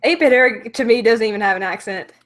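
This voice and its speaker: A woman's voice: fairly high pitch, fast talker. A young woman with a Southern US accent, hosting a casual stream, laughing often and reading viewer comments. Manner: giggly, reads viewer comments. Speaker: host. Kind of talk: casual livestream chat.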